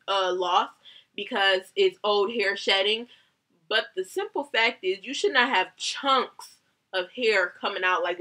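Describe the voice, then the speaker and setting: A young woman, a hairstylist, telling a heated story about a bad salon visit, animated and swearing often. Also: medium pitch. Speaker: hairstylist vlogger. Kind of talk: casual storytime rant.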